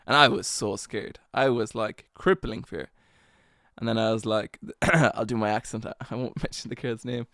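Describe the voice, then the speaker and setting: A man's voice: mid-range voice, big pitch swings, a little slow, gravelly, fairly bright tone, no echo, studio quality. A young man hosting a solo podcast, telling a story in a rambling, self-mocking way with lots of slang and fillers. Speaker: podcast host.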